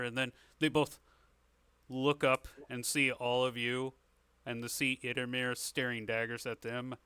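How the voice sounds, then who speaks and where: A man narrating as game master of a tabletop game, descriptive and measured with fillers. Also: mid-range voice, little pitch movement, sharp tone, clear, resonant tone, no echo.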